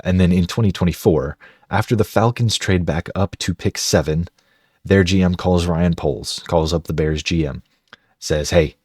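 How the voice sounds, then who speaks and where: A man with a deep, low-pitched, slightly husky voice talks through football draft scenarios in a chatty way. He thinks out loud as he goes, and the recording is dry and close with no room sound. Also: no room sound. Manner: chatty, conversational, thinks aloud. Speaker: sports video host. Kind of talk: casual football draft analysis.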